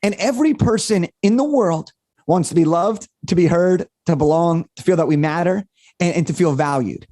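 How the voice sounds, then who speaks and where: An upbeat young man tells a story as a podcast guest, with high-energy, animated delivery. His voice sits high but sounds mellow and warm, recorded dry and close. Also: normal speed, dry recording. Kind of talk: storytelling interview answer.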